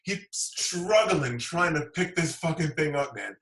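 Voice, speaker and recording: A man's voice: a little high, animated, measured pace, fairly bright tone, echoey room, distant mic, rough recording. A man telling a long, rambling story in casual chat, swearing freely and repeating himself as he goes. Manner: rambling, profane, repeats words.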